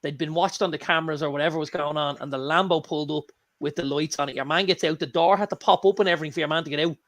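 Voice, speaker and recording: An Irish man co-hosting a casual chat show, telling lively anecdotes and swearing freely. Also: fairly high pitch, racing. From Ireland. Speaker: co-host.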